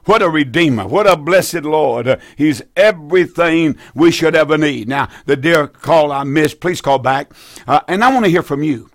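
A man's voice: a little high, moderate pace, dry recording, studio quality. A man hosting a call-in radio Bible program, preaching fervently with repeated phrases and frequent restarts. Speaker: radio Bible teacher taking calls.

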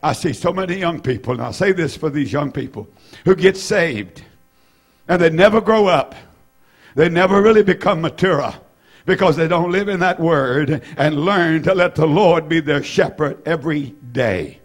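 A man in his seventies preaching an evening sermon in a fervent, repetitive way with bursts of shouting and frequent "uh" fillers. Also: a little high, moderate pace, soft background music. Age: 70s.

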